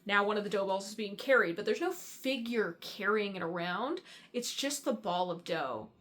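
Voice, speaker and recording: A woman's voice: medium pitch, animated, normal speed, a bit bright. Chatty young woman recapping a book. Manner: chatty, rambling, frequent fillers and swearing. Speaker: book reviewer. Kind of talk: casual book breakdown.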